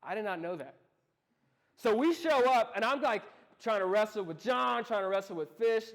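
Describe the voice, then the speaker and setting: A young man giving a casual youth sermon, telling lively stories and asking his listeners direct questions. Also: high voice, moderate pace. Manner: lively storytelling, talks straight to the listeners. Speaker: youth ministry speaker.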